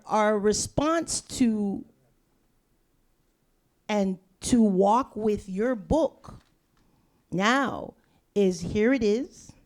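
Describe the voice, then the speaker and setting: Slow, emphatic woman panelist. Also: medium pitch, a little mellow. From Panama. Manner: emphatic, repetitive, restarts phrases. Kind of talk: passionate panel discussion.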